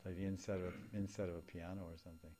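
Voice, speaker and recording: Deep-voiced guy chatting to a small group, jokey, acts stuff out, laughs a lot. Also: racing. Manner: animated, laughing, acts out little scenes and sounds. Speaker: spiritual teacher. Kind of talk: informal discussion with a small group.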